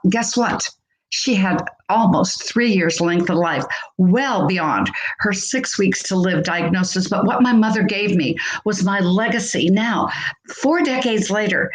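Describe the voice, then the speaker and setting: An emphatic woman in her sixties gives a motivational radio talk as a health coach, hammering her points home through repetition. Her voice sits at an ordinary middle pitch for a woman. It rings in a roomy, echoey space. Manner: emphatic, repeats phrases for effect. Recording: roomy echo.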